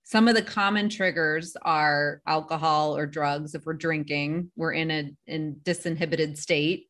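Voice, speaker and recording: A woman therapist on a podcast, giving advice in a calm, measured, instructive way. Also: sits low.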